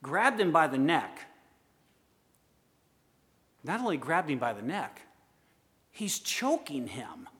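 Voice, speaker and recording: A man preaching a sermon, swinging from loud urging to hushed asides. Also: on the high side, big pitch swings, takes it slowly, long pauses, husky. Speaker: pastor. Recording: long hall reverb.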